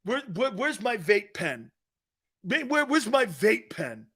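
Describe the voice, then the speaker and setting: A man's voice: sits high, sing-song, slow, sharp tone, slightly rough, exaggerated voice. A man putting on the voice of a spaced-out stoner athlete in the middle of a sports talk show, drawling and dazed.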